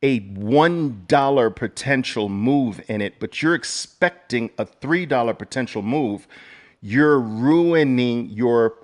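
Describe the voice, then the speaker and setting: A man hosting a live online trading session, talking with plenty of fillers and repeating phrases, at times excitedly. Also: medium pitch, unhurried, few pauses. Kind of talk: live webinar talk.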